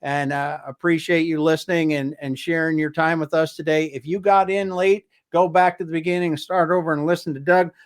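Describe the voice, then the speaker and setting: Higher-pitched man hosting an interview. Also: brisk, hardly any pauses. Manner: friendly short affirmations, relaxed wrap-up. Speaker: show host.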